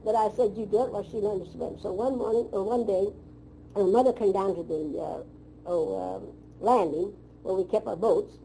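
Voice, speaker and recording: A woman's voice: mid-range voice, expressive, normal speed, warm tone, a little hiss or hum, low-quality recording. An older woman reminiscing in a rambling, outspoken way, telling old family stories in folksy phrasing during an interview. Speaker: oral history interviewee.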